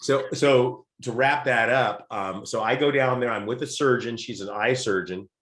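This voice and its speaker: A middle-aged man, a podcast guest, telling lively stories in casual conversation. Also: medium pitch, moderate pace. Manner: lively anecdotal storyteller. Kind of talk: casual storytelling. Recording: roomy echo.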